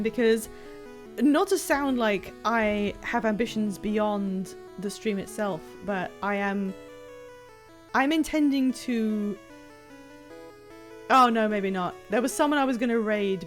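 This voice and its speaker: A woman chatting casually on a live stream while playing a game, excitable and self-deprecating, rambling from one thought to the next. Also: medium pitch, a little slow, faint music behind. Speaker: livestreamer playing a video game.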